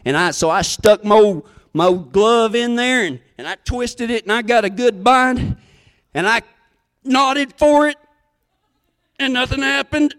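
A man's voice: very high voice, a little slow, a bit bright, clear, resonant tone. A man telling a folksy, self-mocking country story on stage.

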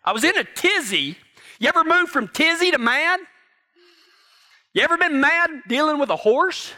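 A man's voice: very high-pitched, very animated, normal speed, sharp tone. A middle-aged man preaching a sermon, telling folksy stories and joking with his congregation. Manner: folksy storytelling, jokes with the congregation. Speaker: pastor.

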